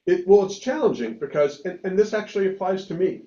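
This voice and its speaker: A man's voice: high-pitched, sing-song, brisk, warm tone. A man who is a rabbi, talking animatedly in a casual discussion, with frequent restarts and emphatic bursts. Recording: echoey room, dull lo-fi sound.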